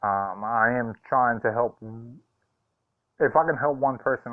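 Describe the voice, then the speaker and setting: A man's voice: mid-range voice, measured pace, no room sound. A man talking casually to his viewers in a hesitant, heartfelt way, with many ums and uhs. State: choked up. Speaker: vlogger. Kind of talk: casual vlog talk. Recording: tinny phone-like sound.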